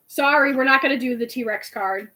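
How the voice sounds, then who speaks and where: A young woman in her late twenties hosts a casual chat show. She is animated and giggly and likes to slip into silly voices. Her voice sits a little high for a woman. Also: poor audio. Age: 20s. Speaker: host.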